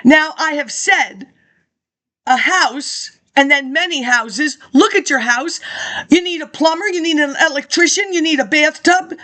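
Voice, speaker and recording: A woman with a high voice reads an old campaign speech aloud. She keeps wandering off into casual, rambling asides, laughing and clearing her throat as she goes. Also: measured pace, bright, forceful tone. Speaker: reader of archive documents. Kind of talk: reading a speech aloud with offhand commentary.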